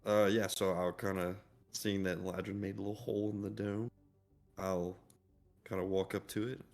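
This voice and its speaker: A man playing a tabletop game, thinking aloud with hesitation and bursts of excitement. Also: low-pitched, normal speed, gravelly. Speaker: player. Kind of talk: casual tabletop play.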